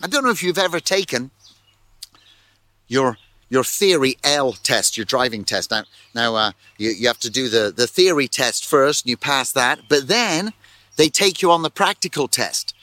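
A man pastor preaching a sermon in an animated way, full of rhetorical questions and repeated words. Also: mid-range voice, normal speed, no echo.

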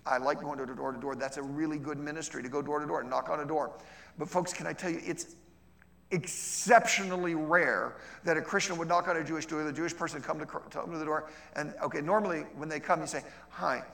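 A middle-aged man teaching as a missionary, in a conversational way, often checking in with "okay?" and acting out bits of dialogue with lively shifts of voice. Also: on the high side, quick pace, creaky. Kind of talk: teaching session on outreach. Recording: long reverb of a large hall.

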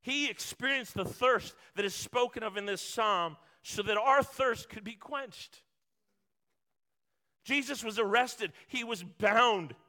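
A man's voice: very high voice, takes it slowly, pushed and bright. A man preaching a sermon, earnest and building through repetition, acting out short quotes. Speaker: pastor.

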